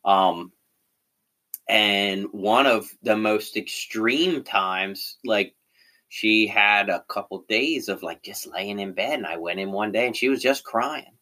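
A middle-aged man with a bright, forceful tone talks openly in relaxed conversation. He fills his sentences with "you know" and "like" and often restarts them. His voice sits a little low. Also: slow. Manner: candid, frequent fillers and self-corrections. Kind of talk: casual conversation.

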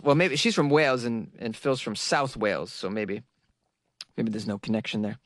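A man hosting his own comedy news podcast, chatting casually and mocking himself with quick asides to listeners. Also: medium pitch, a bit bright, dry recording. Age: adult, working full-time. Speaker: podcast host.

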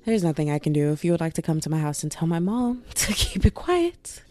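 A woman's voice: low-pitched, lively intonation, fairly quick, warm tone. A young woman vlogging in a chatty, rambling way, full of asides and "like"s. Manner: chatty, self-interrupting, many "like"s. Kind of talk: casual rambling chat.

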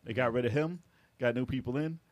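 A man in casual podcast chat, telling relaxed stories about video games and quoting his own past reactions. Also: medium pitch, brisk, no echo. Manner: laid-back storytelling, quotes his own past reactions. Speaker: podcast guest or co-host.

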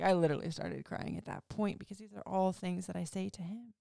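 Woman in her 30s, deep voice with fry, heartfelt chatty host. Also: brisk, hardly any pauses, mellow, no room sound, studio quality. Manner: emotional, chatty, many "like"s and "you know"s. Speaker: podcast host. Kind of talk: casual personal storytelling.

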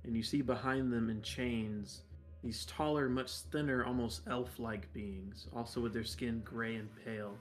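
A man narrating as game master in a casual, conversational tone, calling for rolls and describing the scene. His voice sits at an ordinary pitch. Soft music plays faintly beneath him. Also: steady tone, a little slow.

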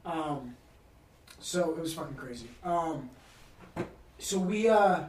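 A man's voice: fairly high pitch, lively intonation, takes it slowly, recorded from a distance. A man from New England hosting a podcast, telling a trip story in casual chat, rambling and swearing freely. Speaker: podcast host. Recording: roomy sound from off-mic.

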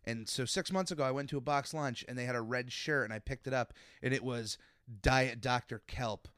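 A man's voice: medium pitch, fast talker, a bit bright, clean tone, no echo, clean studio sound. A young man hosting a podcast, chatting casually with lots of fillers and restarts. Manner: rambling, many fillers and restarts. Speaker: podcast host. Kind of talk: casual chat.

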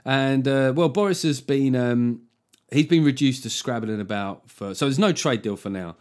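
A man hosts a solo comedy podcast, riffing on politics in a sarcastic, profane rant. His voice sits at an ordinary middle pitch, and he keeps breaking into mocking impressions of the figures he talks about. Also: moderate pace. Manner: sarcastic, swearing, animated impressions. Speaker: podcast host.

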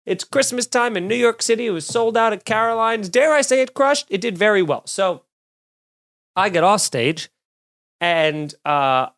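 Animated, cursing male comedian telling a story. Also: sits high, gravelly. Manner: animated, swearing, acts out quoted voices. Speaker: comedian and podcast host. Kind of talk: casual storytelling monologue.

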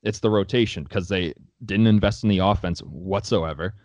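A young man with a fairly low voice talks sports in a loose, blunt, opinionated way and swears freely. The sound is dry and close, with no room around him. He co-hosts the chat in a casual, offhand tone. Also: normal speed, darkish tone, no room sound. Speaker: sports podcast co-host.

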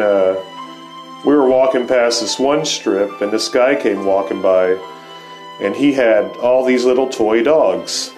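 On his own show, a man in his forties rambles through profanity-laced stories with a relaxed stoner vibe. His voice is on the low side with a darkish tone.

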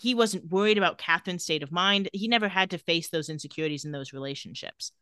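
A woman's voice: on the low side, fast talker, smooth, no room sound, studio quality. A woman co-hosting a podcast, casually recapping a TV episode and acting out the characters' lines. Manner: animated retelling, acting out quoted lines. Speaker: podcast co-host.

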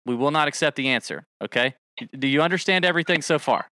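A man hosting a casual podcast game show, energetic and joking as he hypes up a guest on a studio mic. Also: fairly high pitch, quick pace, no echo. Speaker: show host.

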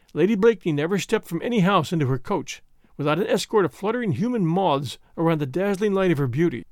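A male narrator reading a classic novel in a high, very lively voice. His storytelling is expressive and steady. The sound is close and dry, with no room around it. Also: no echo.

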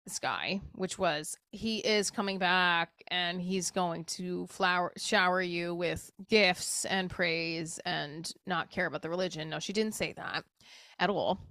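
A woman's voice: lowish voice, a bit bright, dry recording, clean studio sound. A woman talking candidly and emotionally in a rambling personal monologue, swearing casually as she goes. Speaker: show creator talking to camera.

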